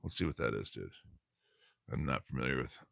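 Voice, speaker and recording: A man's voice: rumbling low, expressive, fairly quick, creaky, a bit bright, no echo, studio quality. A man teaching a casual lesson, reading a textbook aloud in a laid-back, slangy way, often stumbling over words, recorded on a phone.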